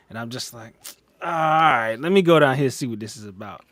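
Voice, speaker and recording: Animated storytelling man, dry close mic. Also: fairly quick, no echo. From United States. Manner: animated, acts out quotes with big pitch jumps. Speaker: podcast co-host. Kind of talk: casual storytelling chat.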